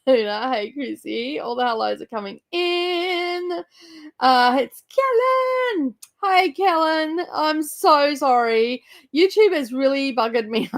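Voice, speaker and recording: A young woman hosting a book club livestream, chatting casually, giggling often and greeting viewers by name. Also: mid-range voice.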